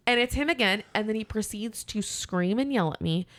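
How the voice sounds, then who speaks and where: Woman, podcast guest, casual storytelling, acts out both voices, medium pitch, dry sound. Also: a little slow, dry recording. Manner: animated, acts out both sides of the call.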